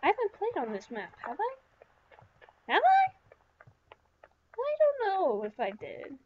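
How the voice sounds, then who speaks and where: A woman giving casual gameplay commentary, talking to herself and breaking into panicked yelps and shouts when startled. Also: very high-pitched, huge pitch swings, unhurried, noisy background. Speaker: gaming YouTuber. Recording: slightly dull lo-fi sound.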